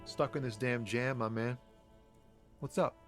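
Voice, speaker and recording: A man's voice: mid-range voice, a little slow, faint music behind, close to an everyday voice. A man playing a laid-back, wary truck driver. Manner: relaxed, guarded, slangy. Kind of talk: video game voice acting.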